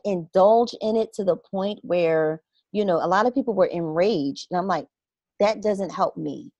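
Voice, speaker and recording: A woman in casual conversation, earnestly recounting what she saw and acting out her own reactions with animated asides. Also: mid-range voice, no echo. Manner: earnest and reflective.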